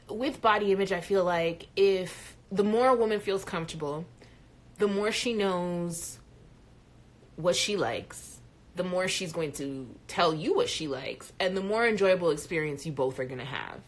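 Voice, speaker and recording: A woman hosting a live chat show, talking in an animated, frank way and swearing casually. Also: lowish voice, unhurried. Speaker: host.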